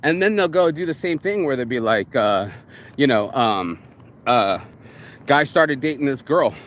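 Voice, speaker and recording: A man's voice: medium pitch, animated, measured pace, a bit bright, slight background noise. A man vlogging in a casual, rambling monologue, profane and streetwise, calling the listener bro. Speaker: vlogger and shirt designer.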